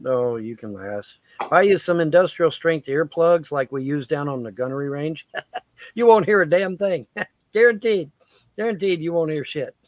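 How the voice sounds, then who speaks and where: A man's voice: on the high side, animated, moderate pace, dry recording. A man hosting a casual live chat, rambling and crude and laughing at his own jokes. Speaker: livestream host.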